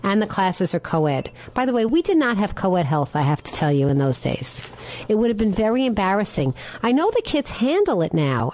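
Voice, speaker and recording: A middle-aged woman is hosting a talk radio show alone at the mic. She talks at an ordinary, mid pitch and speaks with firm opinions, and she often turns to her listeners with rhetorical questions. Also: darkish tone, poor audio.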